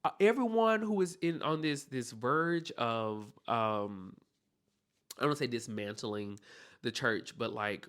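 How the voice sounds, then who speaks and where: A man's voice: medium pitch, vocal fry, a bit bright. A man hosting a solo podcast, talking earnestly and encouragingly straight to the listener. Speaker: podcast host.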